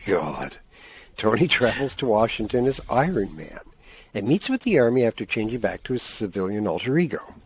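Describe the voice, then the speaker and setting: A man with a fairly low voice co-hosts a relaxed comic-book podcast. He reads the plot out loud and keeps breaking off to crack jokes about it. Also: moderate pace, husky. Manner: reads plot summaries aloud with joking asides. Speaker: podcast co-host.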